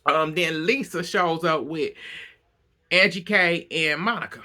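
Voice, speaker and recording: Guy doing a reality tv recap, slow drawl, bright voice, laughs a lot. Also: fairly high pitch. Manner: laughs often, loose and gossipy. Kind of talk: casual recap chat.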